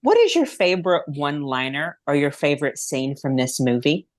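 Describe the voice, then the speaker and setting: A woman with a somewhat low voice hosts a relaxed conversation among friends. She talks with eager enthusiasm and retells scenes with animation. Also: normal speed. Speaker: podcast host. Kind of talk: casual chat.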